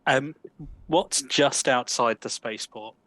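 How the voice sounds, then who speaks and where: A man playing a tabletop game, speaking for his character in a quick, offhand way. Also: mid-range voice, fairly bright tone. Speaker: player. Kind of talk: casual table chat.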